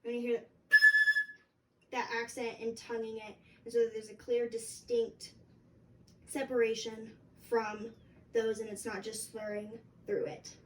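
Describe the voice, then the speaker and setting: A young woman explaining a flute part in a casual, halting way with many fillers. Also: on the high side, little pitch movement, a little mellow. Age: young adult. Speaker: flute teacher. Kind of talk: instructional music lesson. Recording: distant mic with faint background noise.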